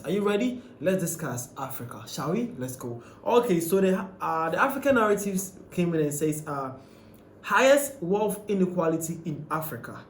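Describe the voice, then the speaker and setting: Man, fairly high voice, casual commentary host, loose and questioning, roomy echo. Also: slight background noise. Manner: conversational, questioning, with many fillers and restarts. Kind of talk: casual commentary on a ranked list.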